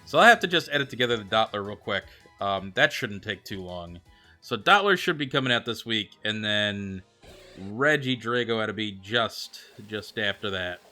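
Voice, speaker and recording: A young man streaming a game, reading out viewer comments and answering them in a chatty, animated way. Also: fairly low pitch. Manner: chatty, animated, answers chat with quick excited reactions. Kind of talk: casual livestream chat reading viewer comments. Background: faint background music.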